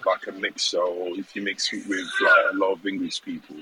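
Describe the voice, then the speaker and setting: A man's voice: deep voice, flat delivery, moderate pace, heavy background noise. A man co-hosting a podcast, talking casually with lots of hesitations and restarts. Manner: hesitant, many fillers and restarts. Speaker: podcast co-host. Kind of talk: casual chat.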